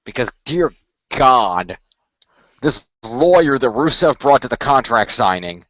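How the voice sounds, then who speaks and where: A man's voice: medium pitch, lively intonation, a little slow, fairly bright tone, dry recording. A man co-hosting a casual podcast chat, wry and prone to stammering restarts. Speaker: podcast co-host. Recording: dull lo-fi dry sound.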